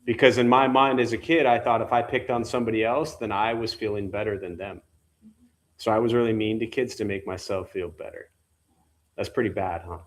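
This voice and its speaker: A man's voice: fairly low pitch, fairly even intonation, brisk. A male meditation teacher giving an informal dharma talk, conversational, often asking his listeners questions. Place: temple meditation hall.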